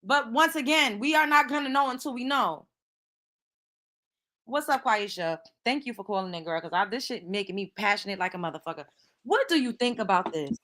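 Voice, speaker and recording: A woman's voice: a little high, brisk. A young woman hosting a casual livestream commentary, talking animatedly to her chat and swearing freely. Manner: animated, swearing, addresses chat viewers by name. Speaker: host.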